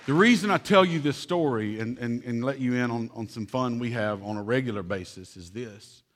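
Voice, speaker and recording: A man's voice: mid-range voice, normal speed. A young man, a pastor and father, preaching a sermon in an earnest, urgent tone. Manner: earnest, urgent pleading to the congregation.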